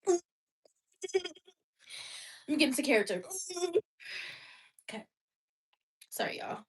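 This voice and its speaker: A woman's voice: sits high, very animated, slow, pauses often, breathy edge. A woman vlogging casually, playful and chatty, talking straight to her viewers. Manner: playful, talks to viewers, breaks into laughter and snatches of song. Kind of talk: casual reaction vlog.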